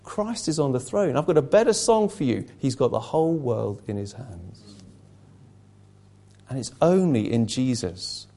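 Lively, mellow-voiced male preacher. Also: medium pitch, a little slow. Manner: earnest, emphatic, reads questions aloud to the congregation. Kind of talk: sermon.

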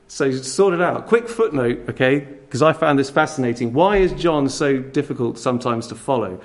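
A man preaching a sermon in a church, animated, acting out quick dialogues and chuckling at his own jokes. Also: mid-range voice.

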